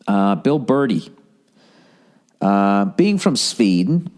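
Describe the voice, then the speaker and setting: A man's voice: fairly low pitch, very animated, normal speed. Man, middle-aged, podcast host, rambling profane rant, exasperated. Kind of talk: casual ranting monologue.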